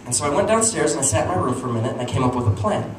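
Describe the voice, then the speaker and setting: Man telling stand-up stories, echoey room. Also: rapid-fire. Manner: animated, jumps into squeaky voices for his characters. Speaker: stand-up comedian. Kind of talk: stand-up storytelling. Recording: echoey room, distant mic, noisy.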